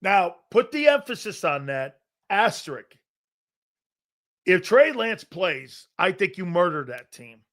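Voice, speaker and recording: A high-pitched male sports talk host with a bright, edgy voice fires off blunt, profane opinions on a live show. He mocks players and coaches in a brash, cutting way. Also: big pitch swings, slow.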